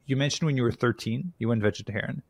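A man hosting a podcast, chatting in a relaxed, encouraging way with a slight lisp. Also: mid-range voice, fast talker, creaky, no room sound. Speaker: podcast host. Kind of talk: casual interview.

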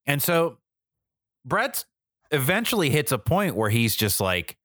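A man co-hosting a podcast in casual chat, explaining things in a relaxed, conversational way. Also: medium pitch, a little slow, no room sound, studio quality. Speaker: podcast co-host.

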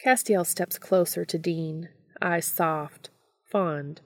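A woman reads fan fiction aloud in a calm, steady storytelling voice. Her voice sits low with a gravelly edge, and she takes an unhurried pace. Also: no echo, studio quality. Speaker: podcast reader.

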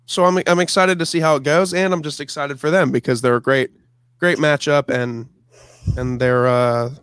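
A man's voice: a little high, fairly even intonation, moderate pace, fairly bright tone, clean tone, no echo. A man co-hosting a podcast, chatting in an upbeat, rambling way with fillers. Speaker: podcast co-host. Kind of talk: casual chat.

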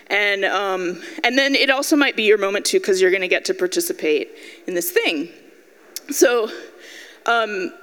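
A woman's voice: medium pitch, clean tone, big-room sound, low-quality recording. A young woman giving a talk to an audience as an artist, telling a personal story and acting out the voices in it. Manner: animated, acts out voices in her story, laughs at herself.

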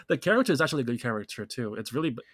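A man's voice: mid-range voice, very animated, fast, slightly rough, no room sound, studio quality. A man hosting a podcast quiz in a casual chat, teasing his co-host and laughing often.

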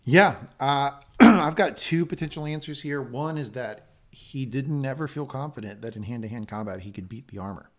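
A man hosting a casual podcast recap, talking in an excitable, animated and profane way. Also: mid-range voice, moderate pace. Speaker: podcast host. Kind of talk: casual chat, show recap.

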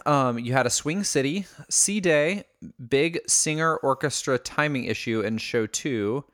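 A man's voice: medium pitch, a little slow, a bit bright, no room sound, clean studio sound. A man co-hosting a podcast in casual chat, teasing his guest and laughing often. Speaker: podcast co-host.

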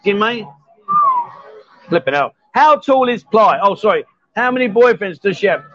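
A man's voice: high voice, animated, normal speed, fairly bright tone, dry recording, dull audio. Cheeky man hosting a bar live stream. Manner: cheeky, teasing banter. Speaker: host.

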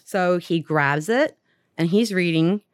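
A woman's voice: fairly low pitch, takes it slowly, clear, resonant tone, no echo, studio quality. A young woman casually retelling a story on a podcast, full of "like" and acted-out quotes.

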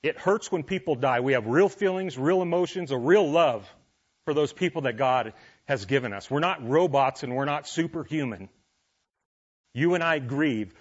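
A man preaches to his congregation in a relaxed, conversational way, now and then asking them direct questions. His voice sits at a middle pitch and swells and drops with the emotion of what he is saying. The recording sounds slightly dull. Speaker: pastor. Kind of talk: sermon.

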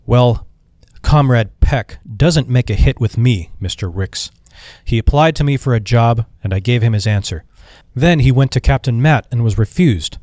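A man's voice: medium pitch, animated, normal speed, darkish tone, dry recording, studio quality, natural voice. A man voicing a sour, complaining office manager. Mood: defiant. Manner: complaining, prim. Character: stiff male office manager, sour and defiant.

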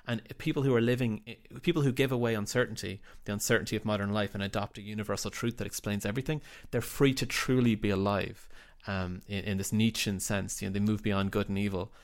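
Low-ish guy rambling thoughtfully in an interview, lots of restarts. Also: steady tone, fast talker. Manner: reflective, rambling with frequent restarts. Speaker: writer and director of the drama. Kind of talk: casual interview talk.

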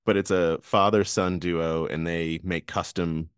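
Male podcast co-host, low voice, dry close sound, loose and laughing, rambles through restarts. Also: fairly even intonation, a little slow, clear, resonant tone, no room sound. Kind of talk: casual finance chat.

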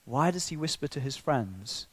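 A man preaching a sermon, building to emotional peaks then dropping to a hush. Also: mid-range voice, expressive, normal speed, breathy edge, no room sound. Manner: impassioned, swinging between soft and loud.

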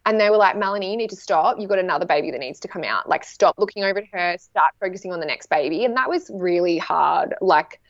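A woman in her thirties chatting casually, telling a story with lively acted-out quotes. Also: on the low side, fast talker, hardly any pauses, no echo. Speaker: guest sharing a birth story. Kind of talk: casual chat. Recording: dry, slightly dull sound.

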